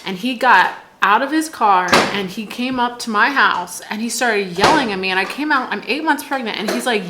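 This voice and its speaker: An American woman in her thirties chats straight to camera in a home vlog, telling stories with frequent laughs and a steady stream of "like". Her voice sits in a middle register. Faint household ambience hums underneath. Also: medium pitch, background noise. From United States. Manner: chatty, laughs often, says "like" a lot. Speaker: vlogger. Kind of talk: casual vlog storytelling.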